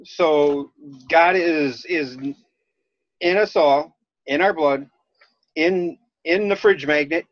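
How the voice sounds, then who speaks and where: A man from Minnesota with a Minnesota accent, rambling in casual chat as a podcast host, halting and restarting often. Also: a little high, dry recording. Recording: dull lo-fi dry sound.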